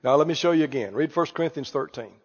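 A man voicing a patient divine male teacher who gently corrects a student, speaking softly in a dull, echoing hall recording. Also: a little high, quick pace, husky, voice pushed down. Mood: gently correcting.

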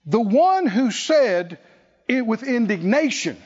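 In a church sanctuary, a male pastor delivers a call-and-response sermon in a very high, husky, sing-song voice, moving slowly and emphatically repeating key phrases to his congregation. It's captured in a dull lo-fi recording with long hall reverb.

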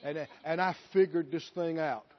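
A preacher lampoons a self-glorifying preacher, dropping into a smug, self-satisfied voice. The sound is dull and lo-fi. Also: male voice, fairly high pitch, moderate pace, voice pushed down, lightly acted. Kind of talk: sermon. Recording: dull lo-fi recording.

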